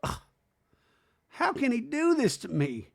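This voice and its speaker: A man's voice: very high voice, wildly swooping pitch, takes it slowly, creaky, pitched above the performer's own voice, full character voice. A man voicing a distraught, whiny woman reality star in a mocking impression.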